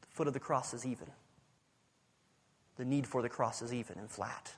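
A male pastor preaching a sermon, swinging between loud urgent passages and hushed, near-whispered lines. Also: mid-range voice, moderate pace, long pauses, slightly rough. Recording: preaching in a large reverberant hall.

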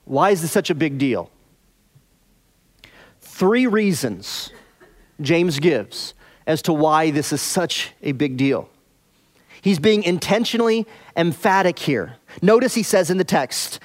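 Expressive and earnest, this pastor works through an expository sermon in a fairly high voice, pushing forcefully on some lines while easing others out softly and slowly.

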